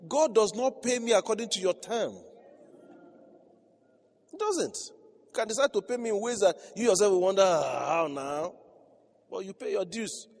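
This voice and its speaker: A pastor preaches in a somewhat high voice, mixing storytelling and chuckles with surging, emphatic passages. His voice carries a long reverb from the large hall. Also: normal speed, long pauses, darkish tone. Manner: storytelling, laughing often, rising to emphatic crescendos. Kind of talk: sermon.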